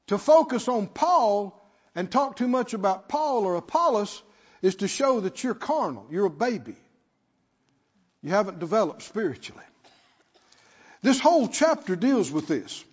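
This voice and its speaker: A man's voice: high-pitched, slightly rough. A man preaching a sermon as pastor, leading call-and-response and repeating phrases with emphasis. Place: church sanctuary. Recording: long reverb, dull lo-fi sound.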